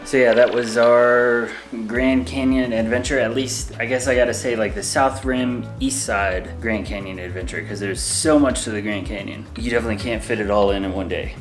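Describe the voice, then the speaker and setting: A man's voice: medium pitch, fairly even intonation, normal speed, soft background music. A man chatting casually in a travel vlog, rambling and laughing often. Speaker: travel vlogger.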